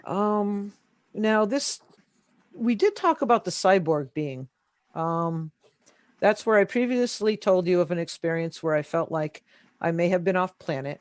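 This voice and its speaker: Picture a woman guest on a video call recounting a strange personal experience. She speaks casually and haltingly, stumbling and repeating words as she gathers her thoughts. The sound comes through a home computer mic. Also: low voice, darkish tone, no echo, poor audio. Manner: hesitant, halting, repeats words when searching. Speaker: interview guest. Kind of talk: casual first-person storytelling.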